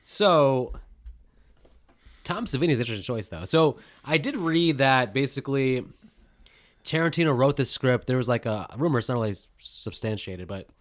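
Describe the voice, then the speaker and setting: Rambling man chatting about movies. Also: medium pitch. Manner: rambling, self-correcting, teasing. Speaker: podcast co-host. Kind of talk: casual movie review chat.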